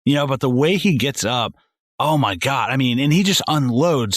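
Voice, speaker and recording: A man co-hosting a podcast, chatting casually and excitedly about a film, swearing a lot and acting out lines from it. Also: mid-range voice, normal speed, no room sound, studio quality. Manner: animated, swearing, acts out movie lines in voices. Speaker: podcast co-host.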